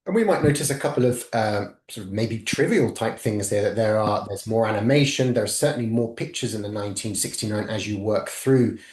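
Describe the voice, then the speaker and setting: A man's voice: on the low side, brisk, hardly any pauses, darkish tone, echoey room. A man giving an academic webinar talk, methodically walking listeners through slides. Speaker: webinar presenter.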